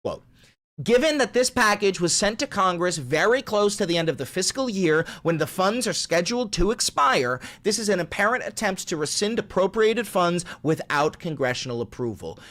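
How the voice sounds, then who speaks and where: Sweary guy ranting over news articles, super animated, voice jumping all over the place. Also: sits high, normal speed. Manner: profane, sarcastic, animated ranting. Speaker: political commentary host.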